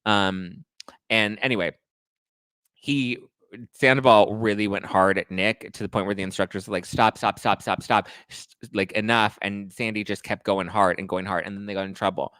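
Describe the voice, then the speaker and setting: A man's voice: lowish voice, fairly even intonation, moderate pace, fairly bright tone, smooth, no room sound. A male host recapping reality TV gossip in a casual, crude, playful way. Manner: gossipy, crude, playful, breaks into song snippets.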